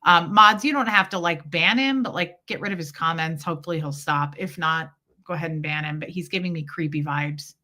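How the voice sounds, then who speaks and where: Bright-voiced woman chatting on a livestream. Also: deep voice, fairly quick. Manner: candid, expressive storytelling with quoted voices. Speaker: livestream host. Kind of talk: casual chat with live viewers.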